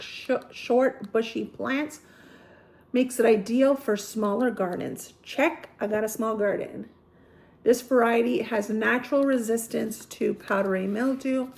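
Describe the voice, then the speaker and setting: A woman's voice: fairly high pitch, gravelly, a little mellow. A woman from Apulia in Italy, a gardening vlogger, chatting casually through a seed haul, rambling and correcting herself with frequent ums.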